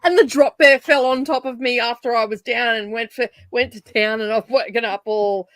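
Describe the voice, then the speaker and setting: A laughing Australian woman hosts a relaxed livestream and reads out messages from her viewers. Her voice sits a little high. It is recorded dry and close, with no room sound. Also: moderate pace, no echo. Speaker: livestream host. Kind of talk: casual chat.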